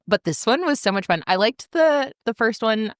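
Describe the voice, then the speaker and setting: A podcast co-host with a high-ish, very animated voice chats enthusiastically and casually at a moderate pace, using lots of filler words. The studio sound is clean, with no room sound.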